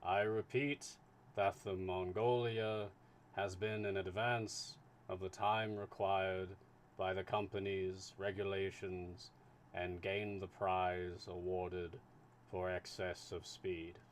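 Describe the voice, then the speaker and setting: Casting: man doing an unhurried, low-voiced storybook official. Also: flat delivery, a little hiss or hum. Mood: patient. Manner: slow, low and measured. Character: calm, patient official consul, man. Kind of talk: live reading of a classic novel.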